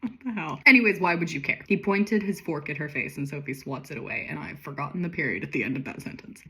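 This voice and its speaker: A woman's voice: deep voice, lively intonation, fast, hardly any pauses, fairly bright tone, slightly rough. A woman reading her childhood novel aloud with chatty, self-mocking commentary and frequent laughter. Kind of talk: casual read-along commentary.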